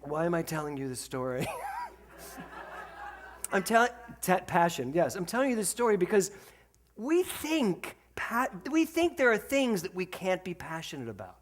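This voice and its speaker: Brief: a minister telling stories in a sermon, animated, funny, with a slightly high voice that swoops up and down. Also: male voice. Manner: animated, humorous storytelling. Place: spiritual center.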